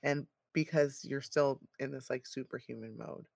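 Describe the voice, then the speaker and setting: A mother of a toddler in her thirties, co-hosting a casual chat as an animated storyteller who laughs often. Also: extremely low pitch, moderate pace, creaky, dry recording, studio quality. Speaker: podcast co-host.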